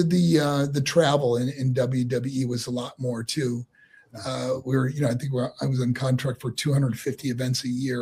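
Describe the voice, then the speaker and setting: A middle-aged man from New York telling lively stories as an interview guest and laughing often. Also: medium pitch, breathy edge. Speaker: guest, former pro wrestler. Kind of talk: casual interview storytelling.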